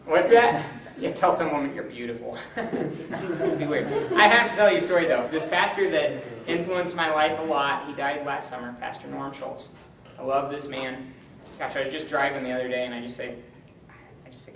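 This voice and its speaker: A young man giving an informal, joking teaching talk to a college group, upbeat and animated. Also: a little high, moderate pace, far from the mic, crowd noise. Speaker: campus ministry speaker. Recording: roomy, from the mic, faint hum.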